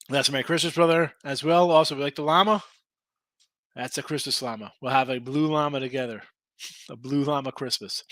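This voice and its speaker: A man's voice: fairly high pitch, bright, forceful tone, no room sound. A man hosting a sports betting stream, chatting casually with viewers and going off on rants. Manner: loose, ranting, talks straight to the chat. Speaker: sports betting show host. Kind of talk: casual live-stream chat reading viewer comments.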